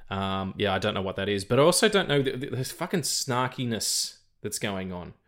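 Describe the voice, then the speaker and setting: Australian man, co-host, lowish voice, rambling casual chat, swears a lot. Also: animated, moderate pace, fairly bright tone. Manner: rambling, profane, stumbles over repeated words. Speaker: podcast co-host.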